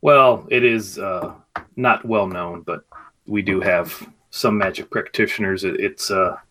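A man's voice: deep voice, a little slow, fairly bright tone. A man playing his character in a tabletop game, hesitant and full of fillers, with a wry edge. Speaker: player.

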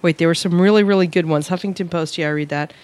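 A woman's voice: lowish voice, fairly even intonation, quick pace, darkish tone, clean tone, no room sound. A woman hosting an interview, chatty and joking, rambling through her questions. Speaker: interview host. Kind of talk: casual interview chat.

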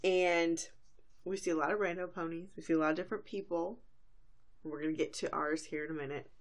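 A woman's voice: lowish voice, fairly even intonation, brisk. A woman co-hosting a podcast, recapping a cartoon episode in chatty storytelling, now and then acting out quotes. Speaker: podcast co-host.

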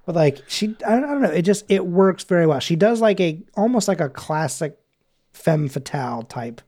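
A man's voice: high-pitched, animated, normal speed, a little mellow. A man co-hosting a podcast, talking in a rambling, casual way with lots of fillers and restarts. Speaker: podcast co-host. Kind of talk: casual chat.

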